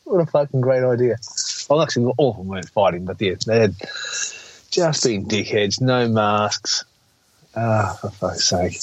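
A man's voice: lowish voice, moderate pace. A middle-aged man, a podcast co-host grumbling sardonically and swearing heavily. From Australia. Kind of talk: casual profane chat. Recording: husky, dull, dry remote line.

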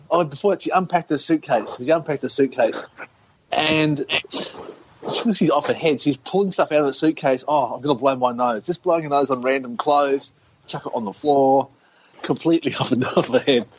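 A man's voice: on the high side, moderate pace. A man co-hosting a casual podcast, animatedly telling a story with lots of swearing and putting on voices for the people in it. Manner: animated anecdote teller, swearing, laughing, acting out quotes. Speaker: podcast co-host. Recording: slightly dull lo-fi sound with faint noise.

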